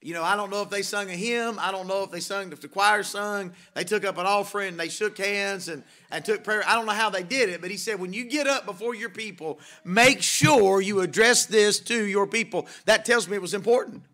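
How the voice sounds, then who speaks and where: A man's voice: high voice, brisk, few pauses, sharp tone. A male pastor preaching an evening sermon in a church, emphatic, asking rhetorical questions and repeating key phrases. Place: church sanctuary.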